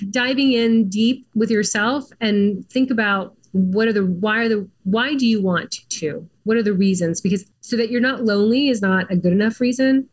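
A middle-aged woman, a podcast guest, telling her story in a casual, chatty way full of "like" and "um". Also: medium pitch. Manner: chatty, many "like" and "um" fillers.

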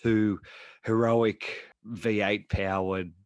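A man's voice: on the low side, flat delivery, drawn-out words, no room sound, clean studio sound. A man co-hosting a casual motorsport podcast, chatty with lots of fillers and restarts. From Australia. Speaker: podcast co-host.

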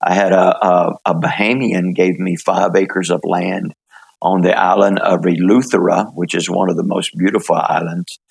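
An older man from the United States telling his story in an interview, halting, with many fillers and restarts. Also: sits low, steady tone, creaky, slightly rough. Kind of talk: relaxed testimony in conversation.

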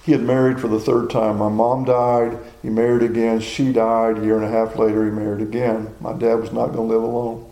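A man's voice: medium pitch, flat delivery, a little fast, few pauses, dark tone, roomy sound, poor audio. A man in his sixties preaching a sermon in a folksy, personal storytelling way. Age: 60s.

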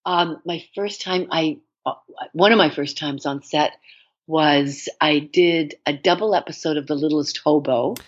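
An older woman from Canada, an actress guest telling stories in a chatty, animated way with frequent laughs. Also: low voice, unhurried, husky, highs cut off. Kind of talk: casual interview chat.

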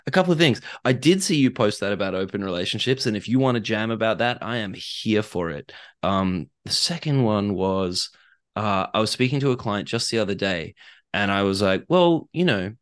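A man talks frankly as a guest. He tells animated stories, slipping into other people's voices, and laughs easily. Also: lowish voice. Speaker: author and coach, guest. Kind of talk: candid conversational interview.

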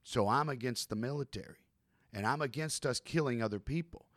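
A man's voice: mid-range voice, brisk, a bit bright, no room sound, studio quality. A middle-aged man hosting a casual discussion, earnest and searching, thinking aloud with restarts.

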